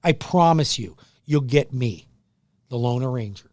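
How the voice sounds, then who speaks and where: A middle-aged man hosting a radio show, loud and pushy, joking at his own expense and going a bit hoarse from yelling. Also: mid-range voice, expressive, unhurried, background noise. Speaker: radio show host, mortgage lender. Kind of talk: energetic radio sales pitch. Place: radio studio.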